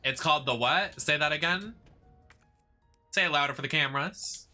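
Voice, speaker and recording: A man's voice: a little high, normal speed, pushed and bright, faint music behind. A man who streams games and performs in drag, giving chatty, campy commentary that rambles with lots of fillers. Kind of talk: casual gameplay commentary.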